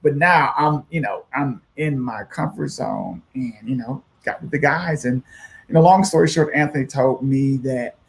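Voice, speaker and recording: Animated gravelly-voiced man telling stories. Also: medium pitch, normal speed. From United States. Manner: animated, acts out quoted voices, many fillers. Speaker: musician guest. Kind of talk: storytelling in a radio interview.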